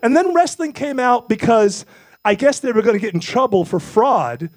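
A man in his fifties hosts a talk show, his voice pitched high and swinging widely as he spins animated, self-mocking stories. The sound is dry and close, with no room around it. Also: normal speed, no room sound. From Memphis, US South. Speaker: radio show host. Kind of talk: casual talk show banter.

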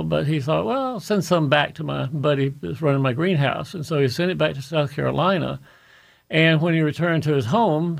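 A man's voice: on the high side, creaky. A man hosting a radio garden show, telling stories in a folksy way and acting out the people in them. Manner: folksy storyteller, acts out quoted people. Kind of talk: radio talk show chat.

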